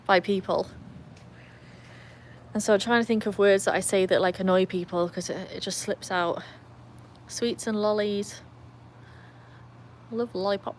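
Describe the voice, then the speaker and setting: An English woman with a mid-range voice hosts a casual livestream alongside her trick dog, rambling through the chat and reading viewer comments out loud. There's a little hiss or hum in the recording.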